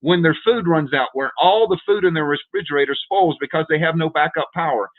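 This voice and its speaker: Man, livestream host, urgent and repetitive, higher-pitched voice, tinny phone-quality sound. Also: fairly quick. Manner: urgent, repetitive, keeps calling viewers "folks". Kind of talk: direct-to-viewer livestream rant.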